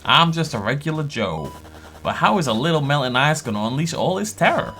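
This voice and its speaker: A man's voice: on the high side, lively intonation, quick pace, a bit bright, voice pushed up. A man voicing a folksy male oil tycoon heir who talks in a drawling, plain-folks bluster.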